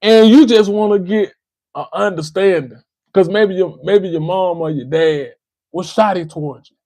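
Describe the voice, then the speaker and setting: Livestream host, American man, high-pitched and insistent, dry close sound. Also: normal speed, warm tone, dry recording, poor audio. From United States. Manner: emphatic, repeats phrases, addresses a listener by name. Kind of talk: impassioned livestream commentary.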